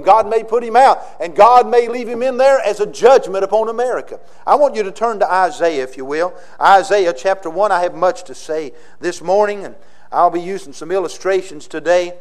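A Southern US pastor preaches with a notably high-pitched voice. He pushes some lines out loud and forceful, then drops to quiet, drawn-out phrases for emphasis. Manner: emphatic, swings between loud declarations and quiet slowed phrases. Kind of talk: sermon.

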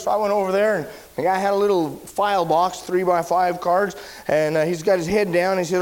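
A man preaching, telling a personal story in a sermon, animated and shouting at the big moments. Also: a little fast, hardly any pauses. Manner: animated storyteller, shouts at high points, drops low and quiet when somber.

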